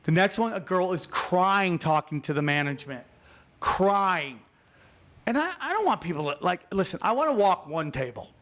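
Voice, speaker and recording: A man, a comedian guest, telling stories on a podcast in an animated, profane rant. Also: sits high, normal speed. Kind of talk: storytelling in a podcast chat. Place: podcast studio.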